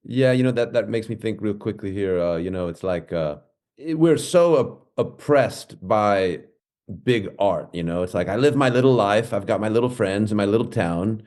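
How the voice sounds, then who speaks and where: Animated, swearing male comedian. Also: fairly low pitch, moderate pace. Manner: animated storyteller who swears freely and acts out quotes. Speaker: guest comedian and clown performer. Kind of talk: casual podcast chat.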